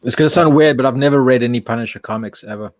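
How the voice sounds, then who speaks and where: An Englishman chats casually as a co-host on a live stream, talking in loose, rambling runs that often restart mid-thought. His voice sits at an ordinary middle pitch, and the recording is dry and close. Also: racing, no room sound. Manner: rambling, chatty, many restarts. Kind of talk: casual chat.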